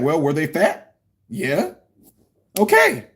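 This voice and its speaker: A man's voice: on the high side, wildly swooping pitch, normal speed, long pauses. A middle-aged man giving a casual commentary rant, emphatic and preachy, repeating his points. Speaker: political commentary vlogger.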